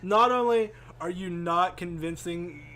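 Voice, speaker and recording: A man's voice: high-pitched, measured pace, sharp tone. A man co-hosting a podcast, teasing and questioning his friend in casual banter. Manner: teasing, skeptical interjections. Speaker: podcast co-host. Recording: faint background hum.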